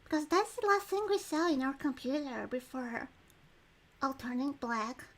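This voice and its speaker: A woman's voice: high voice, animated, moderate pace. A woman livestreaming a story game, chatting casually with lots of ums and reading the text aloud. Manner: chatty, giggly, frequent ums. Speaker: streamer playing a story game.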